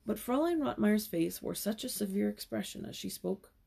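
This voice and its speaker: A young woman reads a children's novel aloud, stopping now and then for casual asides. Her voice is strongly gravelly and a bit husky, with a dark, mellow tone. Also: mid-range voice, lively intonation, a little fast. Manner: casual asides between passages. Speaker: storyteller.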